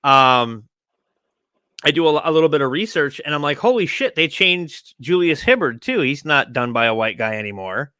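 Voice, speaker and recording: A man's voice: fairly high pitch, animated, normal speed, pushed and bright, clear, resonant tone, no room sound. A man hosting a podcast, chatting casually with blunt, crude jokes. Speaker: podcast host.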